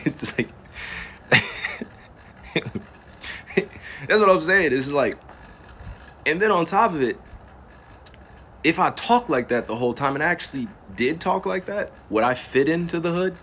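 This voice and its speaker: A man's voice: fairly high pitch, sing-song, moderate pace, pauses often, fairly bright tone, a little hiss or hum. A man in his thirties from New Jersey, ranting on a live stream in casual talk. He fires off emphatic rhetorical questions, swears freely and laughs now and then. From New Jersey, US East Coast. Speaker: livestreamer.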